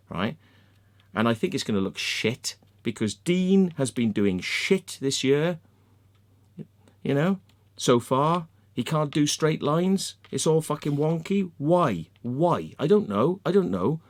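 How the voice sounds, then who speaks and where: A man's voice: medium pitch, animated, normal speed. A man vlogging, muttering while he searches his screen, then ranting angrily with constant swearing and repetition. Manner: angry, sweary, repeats himself. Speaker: vlogger and crop circle maker. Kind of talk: ranting screen-share vlog.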